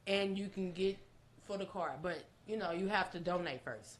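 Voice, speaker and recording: A woman, guest on a podcast, telling a long story in an excitable, animated way. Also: moderate pace. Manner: animated, excitable storytelling with big pitch jumps and profanity. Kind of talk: storytelling in casual chat.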